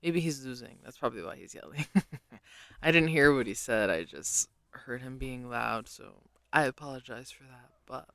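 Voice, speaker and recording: A man's voice: medium pitch, animated, normal speed, vocal fry, bright, forceful tone, clear, resonant tone, no echo, clean studio sound. A man hosting a casual solo podcast, rambling and self-deprecating with many hesitations. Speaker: podcast host.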